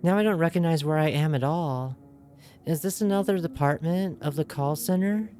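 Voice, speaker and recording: Reading a video game's text aloud for her stream, a woman slips into a loose, inconsistent fake accent and jokes playfully with viewers, giggling often. Her voice is deep and warm at a moderate pace, with faint game music behind her.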